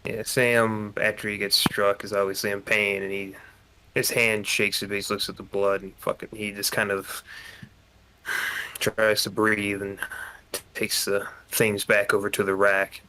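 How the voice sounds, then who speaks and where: Flat, bright-toned male player. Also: lowish voice, unhurried, low-quality recording. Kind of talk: describing his character in a tabletop game.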